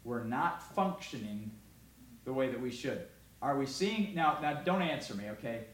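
A man preaching a sermon in a conversational way, often asking "all right?", moving between loud emphasis and quiet, close talk. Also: mid-range voice, expressive, moderate pace. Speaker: pastor.

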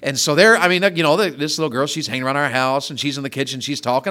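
This is a middle-aged man's storytelling sermon, casual in tone, alternating whispered asides with loud, emphatic build-ups and plenty of repeated words. His voice is medium-pitched, and he speaks rapid-fire with hardly a pause.

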